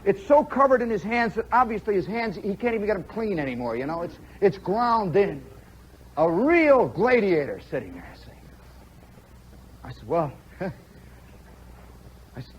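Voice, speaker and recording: A man from the Chicago area spins a long story on live radio, his fairly high voice swooping up and down as he talks. He keeps tossing in "see?" and "you know" to pull the listener along. The sound is a dull, muffled 1960s broadcast with a faint hiss underneath. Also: normal speed, long pauses. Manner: animated, conversational, full of "see?" and "you know" asides.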